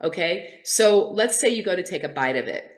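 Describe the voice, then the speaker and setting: A middle-aged woman hosting a casual teaching talk, telling a lively story with playful quoted asides. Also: lowish voice, moderate pace. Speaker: host.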